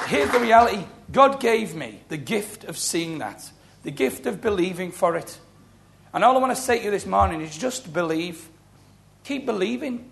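A middle-aged man preaching a sermon, telling stories with lively quoted voices. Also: sits high, gravelly. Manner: storytelling, animated, acting out quoted voices. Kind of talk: sermon with testimony.

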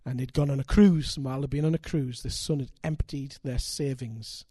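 An older man, preaching a sermon and telling stories with animated, emphatic delivery. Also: mid-range voice, normal speed, slightly rough, no room sound. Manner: animated, building to loud emphatic peaks. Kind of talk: sermon with storytelling.

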